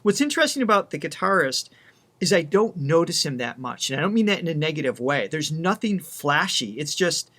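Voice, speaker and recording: A man with a fairly high voice chats casually while reacting to a song. He talks with quick enthusiasm and often stops to restart a sentence. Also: very animated, a bit bright. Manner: enthusiastic, chatty, many restarts. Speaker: vocal coach co-host.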